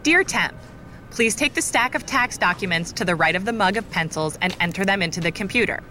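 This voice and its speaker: A prim, passive-aggressive office worker. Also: female voice, medium pitch, lively intonation, a little fast, pushed and bright, a little hiss or hum. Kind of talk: audio drama acting.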